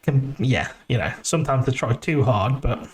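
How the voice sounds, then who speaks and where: An English man co-hosting a casual podcast, joking and animated as he talks. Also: mid-range voice, moderate pace, slightly rough. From England. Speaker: podcast co-host. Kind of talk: casual chat.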